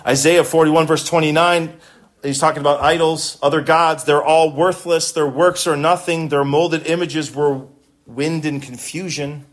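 A man's voice: fairly high pitch, unhurried. A man preaching a sermon, emphatic and impassioned, repeating words for stress and swelling when he quotes scripture. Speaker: pastor.

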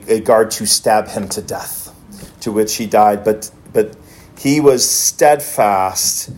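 A man's voice: medium pitch, darkish tone. A male pastor telling a story in a sermon, with many restarts as he retells it.

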